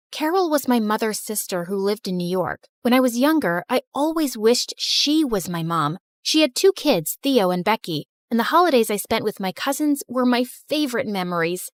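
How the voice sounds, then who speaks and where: Lively, high-voiced woman narrating. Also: normal speed, few pauses, dry recording, studio quality. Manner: confessional, expressive. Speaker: storyteller. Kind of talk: scripted first-person narration.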